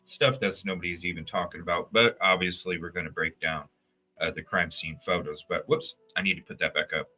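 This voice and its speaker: A man hosting a casual true crime livestream, talking straight to his chat viewers in an animated, profane, rambling way. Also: deep voice, a little fast, soft background music.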